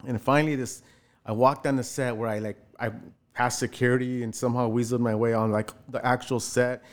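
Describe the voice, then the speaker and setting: Animated man retelling his story. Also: a little fast. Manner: animated, acts out quoted voices with jumps in pitch, many fillers. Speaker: actor telling his start in film. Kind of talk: casual storytelling interview.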